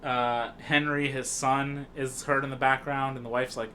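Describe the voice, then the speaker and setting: A man co-hosts a casual podcast, talking through a film in a loose, rambling way full of fillers and restarts. His voice is bright and forward. Faint background noise sits under the talk. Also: medium pitch, little pitch movement, normal speed. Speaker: podcast co-host. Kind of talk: casual film recap chat.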